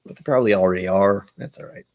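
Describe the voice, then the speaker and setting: A man's voice: low voice, quick pace, a little hiss or hum. A man hosting a live stream, chatting casually and rambling, tired and self-deprecating, greeting viewers by name. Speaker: livestream host.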